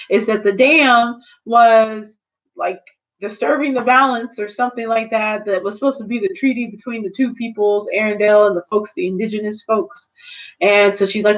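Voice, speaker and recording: A woman's voice: a little high, highs cut off. A woman vlogger giving a casual, sassy spoiler review of a film, retelling the plot in a slangy, playful way.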